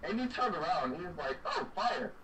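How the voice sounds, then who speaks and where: A young man co-hosting a podcast, telling stories in a laughing, animated way. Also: a little high, fast, a crowd in the background. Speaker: podcast co-host. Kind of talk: casual storytelling chat. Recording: distant mic with noise behind.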